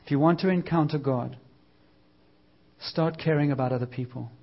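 A man preaching a sermon in a church, lively and using a prop as a visual aid. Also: a little high, normal speed, vocal fry, slightly rough, lo-fi sound.

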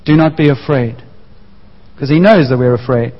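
A man preaching a sermon to a congregation, repeating key phrases and slowing down to press his points home. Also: mid-range voice. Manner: emphatic, repeats key phrases, slows for emphasis. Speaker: pastor. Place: church hall. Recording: muffled sound with long church reverb.

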